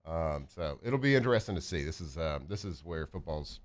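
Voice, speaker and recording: A man co-hosting a sports radio show, talking football in a relaxed, rambling, joking way. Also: very deep voice, moderate pace. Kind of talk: casual sports talk.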